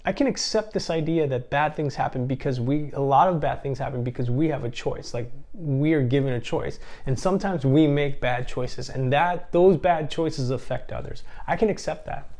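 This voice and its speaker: A man's voice: medium pitch, moderate pace, dark tone. Male seminar speaker: earnest, reflective sermon delivery, mid-range voice, frequent restarts. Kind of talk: sermon-style talk.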